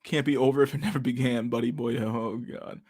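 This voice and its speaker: A man's voice: mid-range voice, fairly even intonation, fairly quick, a little mellow, breathy edge. A man in casual chat, reading messages aloud, swearing a lot and laughing often.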